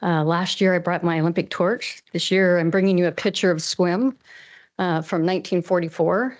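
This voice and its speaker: Farm lady from washington state at a city council mic, earnest, rambly, kinda emotional, lowish voice. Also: moderate pace. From Washington State, USA. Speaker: farmer giving public comment. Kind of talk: public comment at a council meeting. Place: council chamber.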